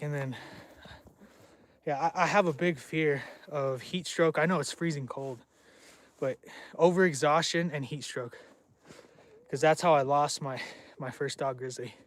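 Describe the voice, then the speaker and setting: A man hosting a casual outdoor Q&A on a cold property, rambling between answers and calling out to his dogs. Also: a little high. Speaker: channel host answering viewer questions. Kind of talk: casual livestream Q&A.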